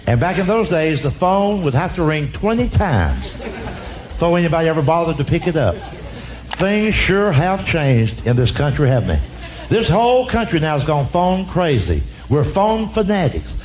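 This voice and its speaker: A man's voice: fairly high pitch, very animated, normal speed. A man with a Southern US accent doing folksy stand-up storytelling, drawling his punchlines. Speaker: stand-up comedian. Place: comedy stage before an audience. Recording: roomy live show with loud crowd laughter.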